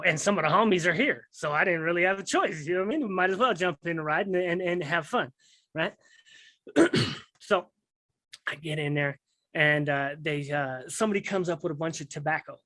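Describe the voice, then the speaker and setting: High-voiced man telling a street story. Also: bright, forceful tone, no room sound. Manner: rambling street slang, keeps asking "you know what I mean". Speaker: guest recounting prison life. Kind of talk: casual storytelling.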